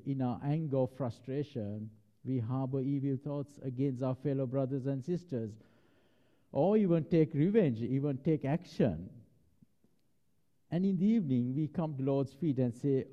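A man delivers a reflective sermon at a mid-range pitch, weaving personal stories into scripture. He turns soft and low whenever he recites a prayer. The recording sounds dull and lo-fi. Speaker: preacher.

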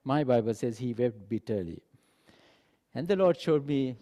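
A man preaching a sermon, animated and acting out dialogue, dropping to a soft voice for emphasis. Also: medium pitch, measured pace. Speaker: pastor. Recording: long hall reverb.

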